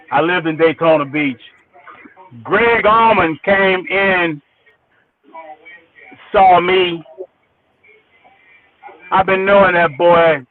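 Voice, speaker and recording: A man spins a story from his years as a musician, profane and animated, starting his sentences twice before they land. His voice sits high, and it arrives squeezed and tinny, as if over a telephone radio hookup. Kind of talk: casual storytelling. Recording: tinny phone-like radio sound.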